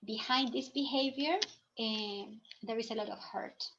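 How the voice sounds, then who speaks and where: A woman with a high voice leads a workshop for teachers, talking in a loose, chatty way and often restarting her sentences. The recording is slightly dull and lo-fi. Faint background noise sits under her voice. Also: unhurried, creaky, a bit bright. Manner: chatty, thinking aloud with frequent "it's like" and restarts. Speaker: teacher trainer presenting a workshop. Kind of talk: live presentation to teachers.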